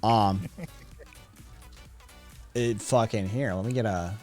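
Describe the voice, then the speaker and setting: A man's voice: fairly low pitch, slow pace, darkish tone, faint music behind. A British-born man co-hosting a podcast, rambling and sarcastic in casual chat, swearing heavily. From Britain. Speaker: podcast co-host.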